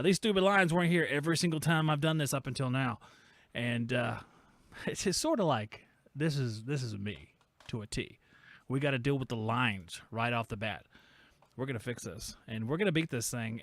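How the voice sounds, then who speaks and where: A man's voice: mid-range voice, normal speed, fairly bright tone. A man hosting a casual livestream podcast, jokey and rambling with self-mocking asides. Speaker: podcast host.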